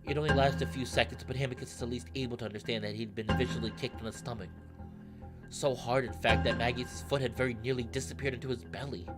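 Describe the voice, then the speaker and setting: A man reading a visual novel aloud in steady narration, breaking into excited asides. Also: medium pitch, quick pace. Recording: narration over loud game music. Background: background music.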